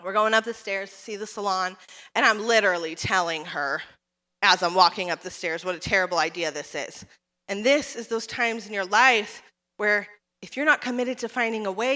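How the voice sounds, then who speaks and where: A woman giving a motivational keynote speech at a conference, telling her story with animated energy and calling out to the audience. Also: medium pitch, moderate pace. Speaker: keynote speaker and salon owner. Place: conference hall. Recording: reverberant hall.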